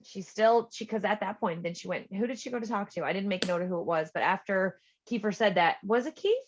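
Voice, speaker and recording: Woman podcast co-host, lively and foul-mouthed, recorded on a dull lo-fi mic. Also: mid-range voice, fast, a little hiss or hum. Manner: animated, swears freely, acts out quotes. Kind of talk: casual chat recapping a reality show.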